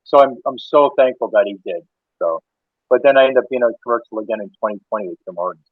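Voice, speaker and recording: A man's voice: medium pitch, fast talker, breathy edge, no room sound. A Canadian man, an interior designer, telling rambling anecdotes in a casual interview, with many restarts. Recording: tinny phone-like line, dry.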